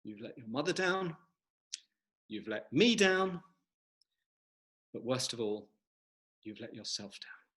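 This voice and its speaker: A man's voice: medium pitch, expressive, slow pace, long pauses, a bit bright. A man voicing a stern, disappointed daddy balloon in a joke, over a video call.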